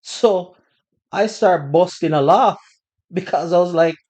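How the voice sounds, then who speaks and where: A man hosting a podcast, telling a personal story in a relaxed, conversational way with bursts of laughter. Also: high-pitched, measured pace. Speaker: podcast host. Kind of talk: casual storytelling.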